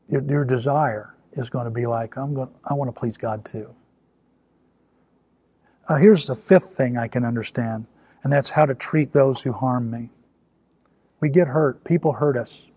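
A man's voice: medium pitch, a little mellow, husky, dry recording. A man preaching a sermon in a conversational way, building to emphatic peaks. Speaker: pastor.

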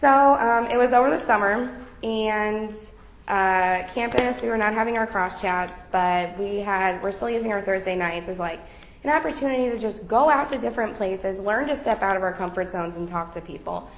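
A young woman shares her personal faith testimony with a group, speaking casually with many fillers. Her mid-range voice moves at a moderate pace, and the audio is dull with a roomy echo.

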